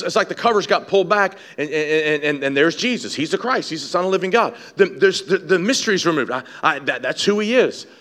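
A male pastor preaching a sermon, building to shouted, repeated emphasis and often stammering over his restarts. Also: fairly high pitch.

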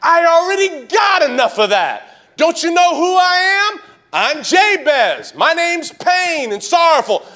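A man voicing a desperate biblical man pleading with God in an impassioned, high, bright voice that rises to shouts. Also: big pitch swings, unhurried, full character voice.

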